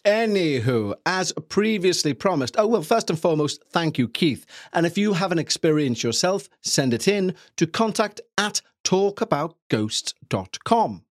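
A man's voice: fairly high pitch, very animated, unhurried, few pauses, no room sound, studio quality. A man hosting a podcast at home on his couch, reading a story aloud with jokey, rambling asides. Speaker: podcast host. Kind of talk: casual chat and story reading.

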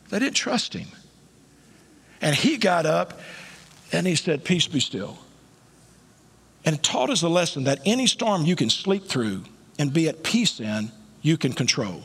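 Husky, animated male pastor preaching. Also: on the high side. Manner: emphatic preaching that swings between quiet asides and loud climaxes. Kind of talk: sermon. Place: church sanctuary. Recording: long church hall reverb.

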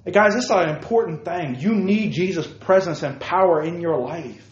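A man preaching a sermon to young people, lively, calling listeners by name and asking them questions, swinging from loud outbursts to hushed asides. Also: sits high, normal speed, reverberant, dull audio. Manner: addresses listeners by name, asks rhetorical questions. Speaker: youth preacher.

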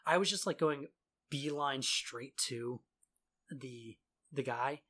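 A man's voice: medium pitch, takes it slowly, sharp tone. Sarcastic man in casual gaming chat. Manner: sarcastic, laughs often, mocks voices.

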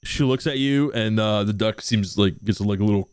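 Relaxed game master narrating. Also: male voice, on the low side, moderate pace, smooth, no room sound, studio quality. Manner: relaxed, rambling description with many fillers.

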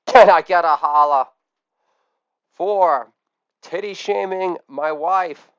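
A middle-aged man hosting a comedy podcast, telling a crude deadpan monologue that swings from low mumbled asides to loud shouted catchphrases. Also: slow, long pauses, dry recording, highs cut off.

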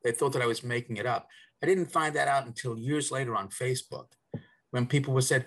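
A man's voice: mid-range voice, fairly quick, fairly bright tone. Rambling male podcast guest. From South Africa. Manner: rambling, with frequent restarts and fillers. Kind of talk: casual interview chat.

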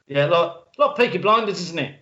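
A man chats on a film podcast, excitable and quick to exclaim. His voice sits high and bounces up and down a lot. The recording sounds dull and lo-fi. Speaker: podcast co-host. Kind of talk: casual film podcast chat.

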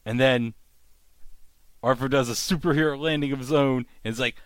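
A man hosting a podcast, casually recapping a TV episode and acting out the characters' lines in animated bursts. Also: mid-range voice, moderate pace, no echo. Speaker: podcast host.

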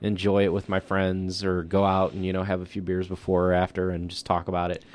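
A man's voice: deep voice, completely flat delivery, brisk, a little mellow. A man co-hosting a podcast in casual chat, easygoing, full of "like" and "you know". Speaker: podcast co-host.

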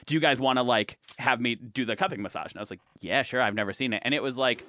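A young man with a bright, forceful voice tells a story in casual podcast chat. He acts out the people in it with big jumps in loudness and pitch. The sound is dry and close, with no room echo. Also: quick pace. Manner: animated storyteller, acts out quotes loudly. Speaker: podcast co-host.

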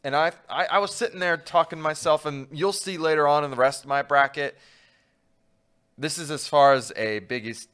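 Brief: easygoing male sports co-host, smooth and bright. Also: fairly high pitch, normal speed. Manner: easygoing, a little hesitant. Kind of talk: casual sports talk.

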